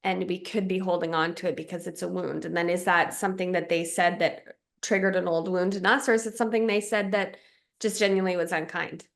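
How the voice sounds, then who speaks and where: With a lowish, gravelly voice that stays steady and moves a little fast, a woman who coaches people on relationships talks podcast-style. She unpacks ideas thoughtfully, leaning on checklists and examples from daily life.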